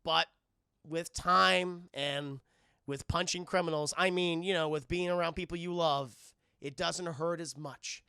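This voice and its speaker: A man voicing a grieving grown man who gently consoles an orphaned boy, speaking softly and haltingly. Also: a little high, fairly even intonation, vocal fry, smooth, dry recording, clean studio sound, exaggerated voice. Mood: gentle.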